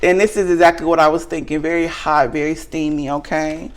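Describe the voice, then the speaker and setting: A woman's voice: deep voice, level tone, a little fast. A woman with a light Southern US accent talks through a tarot spread in a loose, unscripted way. She speaks frankly and earnestly to the viewer and keeps checking in with a rising "okay?" after nearly every thought. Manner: tags nearly every sentence with a questioning okay. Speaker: tarot reader. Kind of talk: casual tarot reading to camera.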